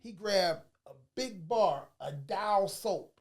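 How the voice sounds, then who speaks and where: A man telling a personal story in a casual, slangy way, swinging from low mutters to loud bursts. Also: lively intonation, slow. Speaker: vlogger.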